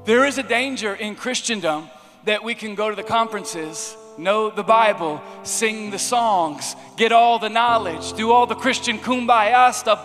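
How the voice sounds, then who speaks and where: A man preaching at a large conference, telling stories and building up to shouted preaching. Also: sits high, in a large hall. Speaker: pastor. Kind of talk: conference sermon.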